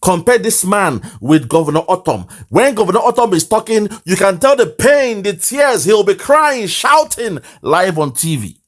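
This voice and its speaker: An online commentator with a Nigerian accent delivers impassioned political commentary, lamenting and repeating phrases for emphasis. His high voice swings widely in pitch, at normal speed with few pauses.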